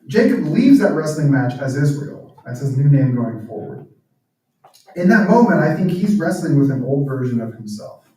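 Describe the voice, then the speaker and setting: A man with a mellow, slightly high voice gives an earnest, reflective church talk and sometimes sinks to a near-whisper. He sounds far from the microphone. Heavy echo fills the hall around him. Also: very animated, normal speed. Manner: earnest, drops to near-whispers on emotional points. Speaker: guest speaker and author. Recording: very echoey room, speaker far from mic.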